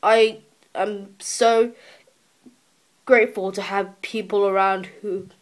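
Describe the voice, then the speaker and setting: A teenage girl records a personal video diary on a handheld camera, speaking earnestly and emotionally, pleading and often pausing to restart. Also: mid-range voice, fairly even intonation. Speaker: vlogger.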